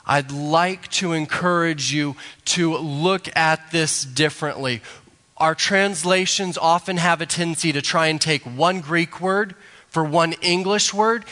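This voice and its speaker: A male pastor, preaching a sermon slowly and deliberately, building to emphatic rises. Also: on the high side, bright, forceful tone. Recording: long hall reverb.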